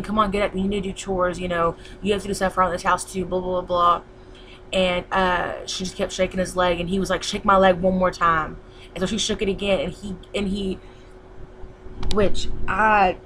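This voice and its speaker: A woman's voice: medium pitch, noisy background. A young woman telling a long story in a casual vlog, rambling and repeating herself with many fillers. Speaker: vlogger.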